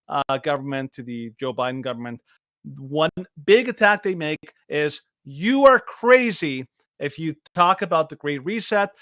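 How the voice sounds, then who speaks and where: A man's voice: on the high side, fairly bright tone, dry recording, studio quality. A man cohosting a podcast, chatting casually and ranting with energy. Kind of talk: casual chat.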